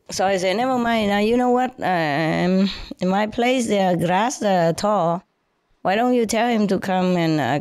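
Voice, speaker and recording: A woman telling a story casually in non-native, broken English, animated and often laughing. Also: deep voice, no room sound, studio quality.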